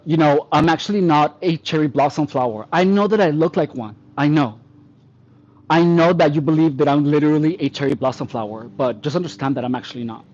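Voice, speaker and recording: High-voiced man coaching a mock-dainty workout. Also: a little mellow, highs cut off. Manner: mock-delicate self-praise between exercise counts. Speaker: fitness trainer. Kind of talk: tongue-in-cheek workout instruction.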